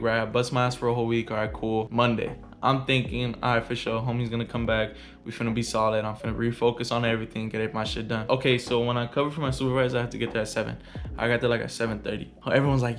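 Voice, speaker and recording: A young man vlogging a heated, profane storytime rant in casual slang. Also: medium pitch.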